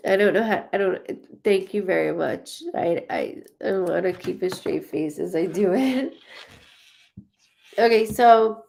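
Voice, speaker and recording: A woman's voice: fairly low pitch, unhurried, creaky, a little mellow. A woman hosting a psychic live stream, chatting casually and effusively with viewers as she reads their comments. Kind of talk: casual livestream chat reading comments.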